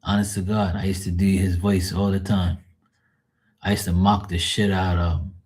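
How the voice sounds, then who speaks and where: Low husky man chatting profanely. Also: little pitch movement, moderate pace, darkish tone. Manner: profane, storytelling, chuckling. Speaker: live streamer. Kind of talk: casual rambling chat.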